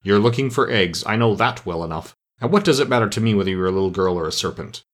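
A man voicing an indignant mother pigeon guarding her eggs, shrill and accusing. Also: animated, fast, natural voice. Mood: contemptuous.

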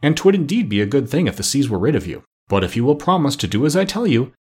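A man's voice: mid-range voice, very animated, fast, a little mellow, slightly rough. A man playing a stern, polite animal doctor. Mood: firm. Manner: polite but stern, lecturing. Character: kind, firm animal doctor, grown man.

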